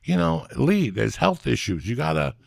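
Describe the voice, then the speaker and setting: An older man with a deeply gravelly, husky voice that sits low, talking in a rambling, foul-mouthed way. He hosts a casual podcast, swinging between ribbing his co-host and long stories. The sound is dry and close. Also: big pitch swings, moderate pace, darkish tone, no echo. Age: 60s. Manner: profane, rambling, teasing storyteller. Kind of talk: casual chat and storytelling.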